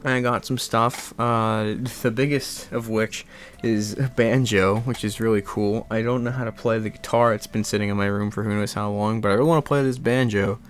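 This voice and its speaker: A young man vlogging in a rambling, animated casual chat, laughing and swearing now and then. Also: lowish voice, normal speed.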